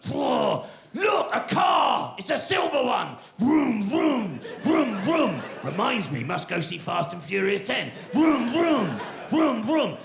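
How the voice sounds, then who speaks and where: A man voicing a dim, brash macho gym-goer, loud and raised in pitch. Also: big pitch swings, slow, gravelly, roomy sound, some chatter behind, full character voice.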